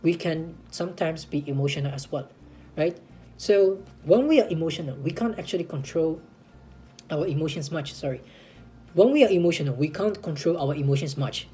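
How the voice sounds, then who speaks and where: A woman's voice: low-pitched, lively intonation, normal speed, mellow, slightly rough, faint music behind. A woman talking straight to the viewers in a casual advice vlog, earnest and repetitive, often checking in with "right?" and "guys" and restarting her sentences. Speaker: advice vlogger.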